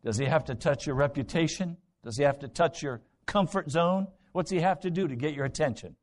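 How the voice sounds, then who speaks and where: A male pastor delivering a sermon with a slightly raised pitch. He preaches dramatically, slipping into the voices of Bible characters and firing rhetorical questions at the congregation. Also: brisk.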